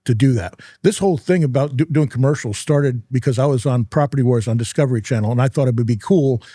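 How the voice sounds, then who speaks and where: Mellow-voiced middle-aged man telling stories. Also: mid-range voice, no echo, studio quality. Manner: halting, repeats and restarts words. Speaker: guest, real estate investor. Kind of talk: conversational storytelling.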